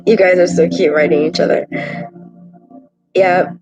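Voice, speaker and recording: A woman reading tarot cards on a casual live stream, talking straight into her laptop microphone. She chats freely and gets emotional as she reacts to comments from viewers. Faint music plays quietly behind her. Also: fairly low pitch, steady tone, unhurried, muffled recording. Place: home desk at a laptop.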